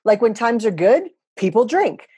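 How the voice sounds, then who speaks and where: A woman's voice: on the high side, big pitch swings, moderate pace, warm tone, slightly rough, dry recording. A woman in her fifties, an economist guest on a podcast, explaining things confidently with a chatty, joking manner. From USA. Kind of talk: casual podcast interview.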